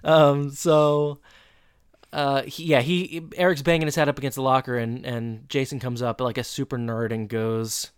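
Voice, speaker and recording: A man in casual podcast chat, retelling scenes with animated, tumbling energy. His voice sits in an ordinary middle register. The sound is close and dry, with no room around it. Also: mid-range voice, clear, resonant tone, dry recording. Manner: animated storytelling, retelling scenes in quick bursts. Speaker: podcast co-host. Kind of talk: casual chat recapping TV episodes.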